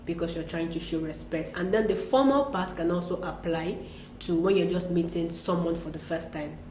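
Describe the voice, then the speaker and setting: A lower-pitched woman teaching French in a relaxed, patient way. She explains step by step and slips French phrases into her English. The room sounds echoey, with a faint hum of ambience behind her. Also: normal speed. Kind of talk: casual language lesson.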